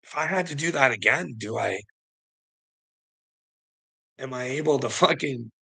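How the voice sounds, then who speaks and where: Man, vlogger, agitated rambling rant, gravelly and husky with a bright edge, laughs often, swears freely. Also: mid-range voice, animated, a little slow. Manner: heavy swearing, frequent nervous laughs, agitated. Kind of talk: rambling monologue to camera.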